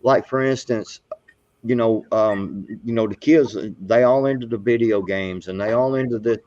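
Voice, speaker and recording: A man's voice: mid-range voice, moderate pace, a little mellow, no room sound. A middle-aged man hosting a casual live talk show, rambling with many fillers and restarts. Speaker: podcast host. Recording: dull, muffled sound.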